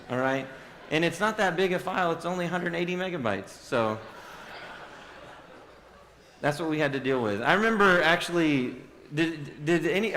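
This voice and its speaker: A man's voice: fairly high pitch, fairly bright tone. Joking man preaching in an echoing hall. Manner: joking, quizzes audience. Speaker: youth speaker. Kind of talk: casual youth sermon. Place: large hall with audience. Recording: long hall reverb.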